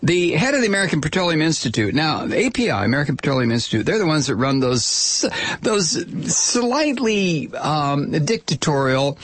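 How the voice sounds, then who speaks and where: A man's voice: on the high side, very animated, quick pace, few pauses, a bit bright, no room sound. A man delivering a rambling, profane political commentary monologue with plenty of digressions.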